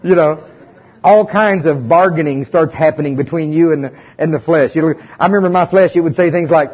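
A male pastor preaching a sermon with animated, folksy storytelling and humor, in a dull lo-fi recording. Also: a little high, fairly quick, breathy edge.

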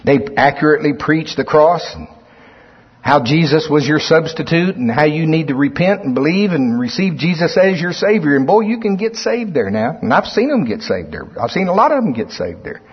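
A man's voice: on the high side, expressive, moderate pace, husky. A man preaching a sermon, reading scripture aloud and explaining it, with emphatic swells in volume. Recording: muffled lo-fi recording in a reverberant hall.

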